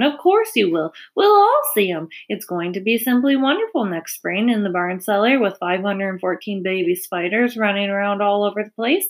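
A woman's voice: mid-range voice, natural voice. A woman voicing an innocent young male pig who talks eagerly.

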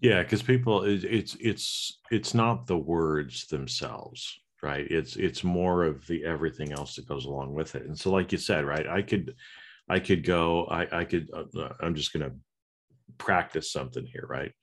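A man with a very deep, low voice, talking through ideas like a leadership coach. He restarts often and checks in with a quick "right?" as he explains. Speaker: podcast co-host and business leadership coach. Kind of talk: casual conversational chat.

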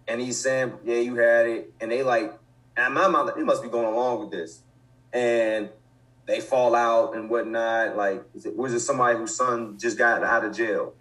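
A man's voice: mid-range voice, moderate pace, pushed and bright, rough recording. A man in his twenties, a football coach, speaking casually as an interview guest, with many restarts and fillers. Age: 20s. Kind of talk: casual conversation.

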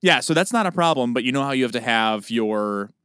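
Smooth-voiced man telling animated stories. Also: mid-range voice, brisk, no echo. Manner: animated storytelling with loud acted-out outbursts. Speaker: podcast co-host. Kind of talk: casual chat.

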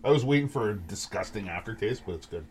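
A man's voice: lowish voice, animated, quick pace, heavy background noise. A man co-hosting a casual beer-tasting chat, playfully arguing and hamming up pronunciations. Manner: playful, argumentative, mock pronunciations. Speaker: podcast co-host.

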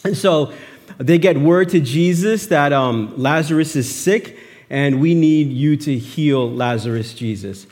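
A man's voice: on the high side, measured pace, darkish tone, long reverb tail. A man preaching a sermon in a conversational way, asking rhetorical questions and acting out heartfelt pleas to God. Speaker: pastor.

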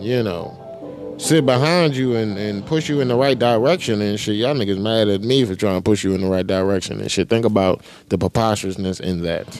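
A man hosting a podcast in a casual political rant, profane, emphatic and rambling. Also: lowish voice. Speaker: podcast host.

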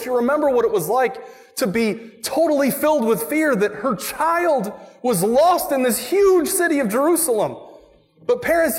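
A man preaching a sermon as a pastor, animated, asking the congregation questions and acting out quoted voices. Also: very high-pitched, in a large hall. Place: church.

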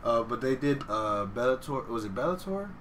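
A man's voice: medium pitch, animated, moderate pace, a bit bright, recorded from a distance, a little hiss or hum. A man in casual banter, chatty and hedging as he talks. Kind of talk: casual banter about martial arts movies.

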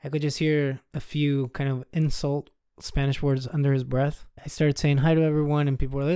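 Male podcast host, casual storyteller who chuckles through the asides, warm and smooth tone. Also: fairly high pitch, little pitch movement, a little fast, hardly any pauses, no echo, studio quality. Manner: loose and conversational, chuckling as he tells it.

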